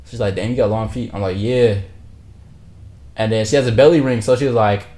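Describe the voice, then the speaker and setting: A young man telling a story from his own life as a streamer, rambling, slangy and repeating himself, sometimes dropping to a hushed low voice. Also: fairly quick. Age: young adult. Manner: drops to a hushed low voice for spicy parts. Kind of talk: casual storytelling.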